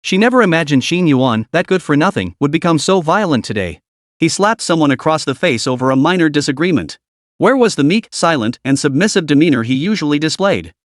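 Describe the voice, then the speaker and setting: Lively male storyteller, dry close sound. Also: fairly high pitch, a little fast, no room sound. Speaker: narrator. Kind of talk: scripted story narration.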